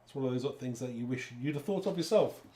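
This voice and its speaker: Warm and fast, with lively intonation in a mid-range voice, a man leads a live card-making session. He chats with viewers throughout the work, and the echoey room carries faint background noise.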